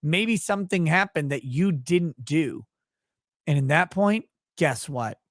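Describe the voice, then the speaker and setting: A man talks through a loose, profane livestream ramble, reacting to chat as he goes. His voice sits a bit on the high side for a man. The sound is dry and close, with no room around it. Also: expressive, slow pace, dry recording. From Minnesota, USA. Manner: profane, rambling, laughs often. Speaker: livestream host reading chat.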